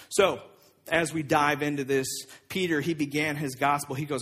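A man's voice: on the high side, fairly quick, fairly bright tone, breathy edge. A man preaching a sermon in a conversational way, with asides and restarts. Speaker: pastor.

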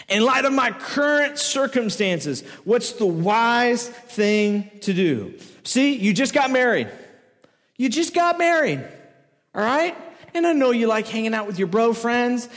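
A high-pitched male pastor preaching with emphatic repetition, coming back again and again to the same rhetorical question. His voice carries through a large church hall with a long, lingering reverb. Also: fairly bright tone. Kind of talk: sermon.

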